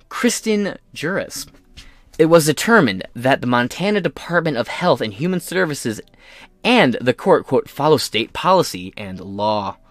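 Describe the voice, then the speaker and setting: In a dry setting with no room sound, a man with a fairly high voice hosts a podcast. He delivers a crude political rant, swearing nonstop with brash sarcasm.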